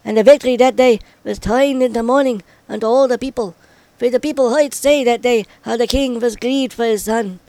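A man reading an old-style scripture passage aloud in a solemn, measured way. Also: extremely high pitch, fairly even intonation, dark tone, dry recording, poor audio. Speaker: scripture reader.

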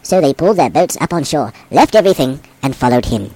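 A man reads scripture with a lively, rising and falling voice, giving the story colour. He sounds close and dry, with no room echo. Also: fairly high pitch, fast. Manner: expressive, voices the quoted speakers. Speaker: abbot reading scripture. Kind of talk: expressive scripture reading.

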